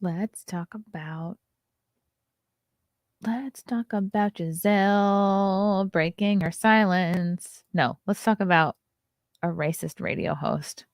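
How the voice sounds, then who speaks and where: A woman's voice: mid-range voice, slow pace, no echo, clean studio sound. A woman hosting a casual morning livestream, chatting and reading headlines aloud with sarcastic asides, sometimes dropping to a whisper. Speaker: host of a morning livestream show.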